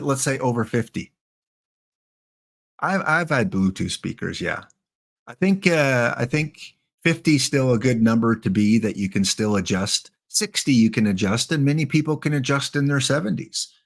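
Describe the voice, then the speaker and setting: A middle-aged man with a Canadian accent chats with his live viewers in a loose, joking way. His voice sits at an ordinary pitch. He drifts between asides and the next slide. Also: animated, moderate pace, vocal fry. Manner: joking, chatty, answers chat. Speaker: livestream host. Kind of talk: casual livestream chat.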